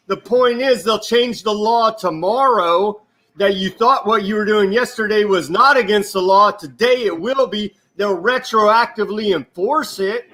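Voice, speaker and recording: A man giving political commentary as a guest, indignant and forceful, asking rhetorical questions. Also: high voice, moderate pace.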